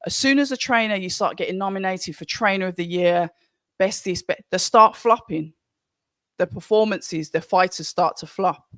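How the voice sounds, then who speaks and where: A live-stream host with a Birmingham accent talks through a boxing watch-along in an easygoing, rambling way, often restarting sentences. The voice sits in a middle pitch. The recording is dry and close, with no room echo. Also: normal speed, fairly bright tone. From Birmingham, England. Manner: chatty and rambling, with frequent restarts. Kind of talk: casual live-stream commentary, reading out chat.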